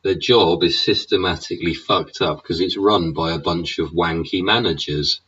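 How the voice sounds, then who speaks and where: Angry husky deep-voiced Englishman ranting. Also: steady tone, normal speed, fairly bright tone, recorded from a distance. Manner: angry, sweary, sneering, repeats "yeah?" and "innit?". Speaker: vlogger. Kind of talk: profane political rant. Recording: dull sound, away from the mic.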